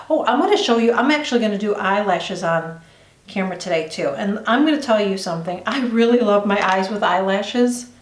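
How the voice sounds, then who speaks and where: Chatty middle-aged woman in a roomy room. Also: medium pitch. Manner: rambling, confiding, reassuring. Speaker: beauty vlogger. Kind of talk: chatty get-ready-with-me vlog. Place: indoors at home doing her makeup on camera. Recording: roomy echo.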